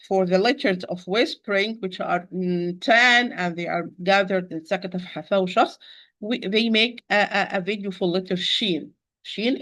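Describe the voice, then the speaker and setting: A woman's voice: mid-range voice, fairly bright tone. Patient woman teaching Quran recitation. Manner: patient, repetitive, addresses listeners as dear sister. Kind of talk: online tajweed lesson.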